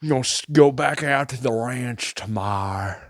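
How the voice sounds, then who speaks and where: A man voicing a boastful wannabe cowboy at a bar, talking in a low, mumbled drawl. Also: moderate pace, no echo, studio quality, natural voice.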